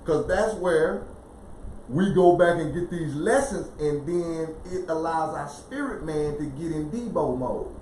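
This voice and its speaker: A man in his forties, a podcast co-host in a casual spiritual discussion, animated and forever asking "you see?". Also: a little high, a little slow, echoey room, a little hiss or hum, low-quality recording. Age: 40s.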